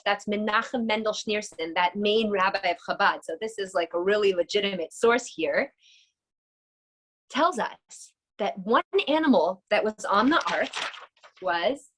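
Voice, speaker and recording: A woman's voice: medium pitch, a bit bright, low-quality recording. A woman teaching a casual online lesson, enthusiastic and chatty, often asking her audience questions over a video call.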